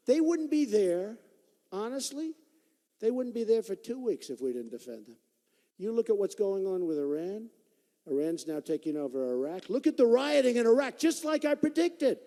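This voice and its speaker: A man's voice: high-pitched, big pitch swings, normal speed, mellow. A man in his sixties giving a campaign rally speech in a large performing arts hall. He talks in a repetitive, boastful, conversational way. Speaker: political candidate at a rally. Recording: long hall reverb.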